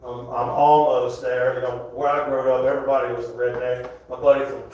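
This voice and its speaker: A man's voice: mid-range voice, little pitch movement, fairly quick, a little mellow, distant mic, lo-fi sound, a little hiss or hum. A man with a Southern US accent doing a rambling stand-up comedy set, often laughing at his own jokes. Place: comedy club, indoors. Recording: echoey club room, live crowd.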